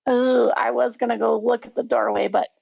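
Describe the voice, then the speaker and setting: Woman player, higher voice, super gravelly, kinda hesitant, muffled lo-fi call audio. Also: steady tone, normal speed, dry recording. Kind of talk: casual tabletop game play.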